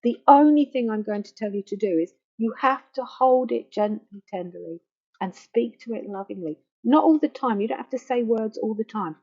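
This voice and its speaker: A woman counselling on grief in a gentle, slow, reassuring way that softens to a near hush. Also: a little high, slightly rough. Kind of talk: guided self-help talk. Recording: dull lo-fi faulty microphone.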